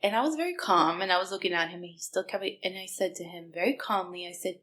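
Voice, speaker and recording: A woman co-hosting a podcast in casual chat, telling stories in an animated way and acting out what people said. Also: quick pace. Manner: animated storytelling, acts out quotes with big pitch jumps. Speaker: podcast co-host.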